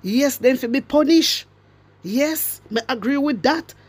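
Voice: high voice, lively intonation, a little slow, no echo. A social media commentator with a Jamaican accent, delivering an impassioned political rant to followers and hammering home repeated rhetorical questions. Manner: emphatic, repeats rhetorical questions, swings between loud and hushed.

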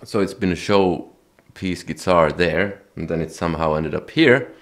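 A man who hosts his own channel, talking casually about his guitar in a relaxed, chatty way, often correcting himself. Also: deep voice, unhurried. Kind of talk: casual gear talk to camera.

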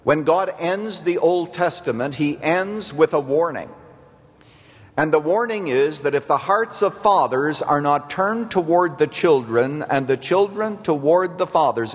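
A pastor, a man, preaching a sermon slowly and earnestly, with solemn pauses. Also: fairly high pitch, expressive, in a large hall.

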